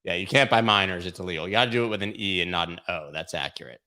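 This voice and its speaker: Hosting a crypto livestream, a man with a low, bright, forceful voice talks very fast as he goes over charts. His commentary is casual and irreverent, full of swearing and mockery.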